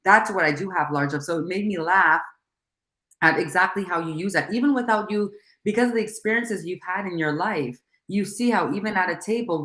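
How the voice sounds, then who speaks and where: A woman in casual conversation, talking animatedly in quick bursts with restarts. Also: lowish voice, fairly bright tone. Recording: echoey room.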